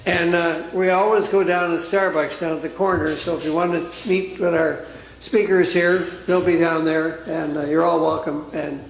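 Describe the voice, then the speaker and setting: A man's voice: fairly high pitch, flat delivery, moderate pace, creaky, reverberant, poor audio. A man hosting a talk club, making chatty announcements.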